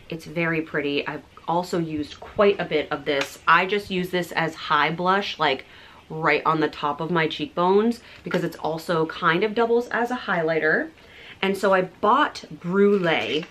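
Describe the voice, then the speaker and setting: A woman in her thirties chatting breezily to camera as a beauty vlogger, full of "like" fillers and soft asides. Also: on the low side. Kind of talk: casual chat showing products.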